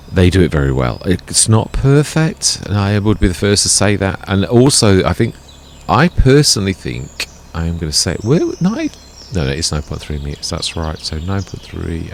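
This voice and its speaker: Gravelly low-voiced gamer. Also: male voice, a little hiss or hum. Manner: chatty, rambling, self-correcting. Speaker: gaming let's play host. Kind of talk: casual gameplay commentary.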